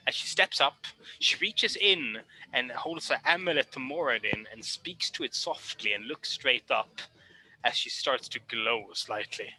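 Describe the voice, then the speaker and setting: A man narrating as game master of a tabletop game, lively and animated. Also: medium pitch, a little hiss or hum, rough recording.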